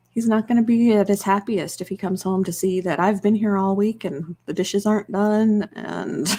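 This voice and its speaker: A chatty woman hosting a relaxed live stream, her voice sitting in a middle pitch. She rambles freely and breaks into laughter often, close to the microphone. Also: gravelly, breathy edge. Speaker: ASMR live-stream host. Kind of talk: casual live-stream chat.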